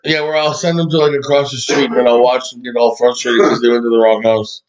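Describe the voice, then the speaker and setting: A man's voice: mid-range voice, steady tone, a little fast. A man co-hosting a casual podcast, joking about scam calls and swearing freely. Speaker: podcast co-host. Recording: dull lo-fi sound.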